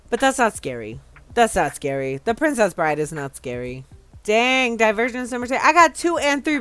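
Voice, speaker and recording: Lively-voiced woman chatting over a game. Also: mid-range voice. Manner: chatty, reads game text aloud, sudden excited outbursts. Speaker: gaming video host. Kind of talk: casual gameplay commentary.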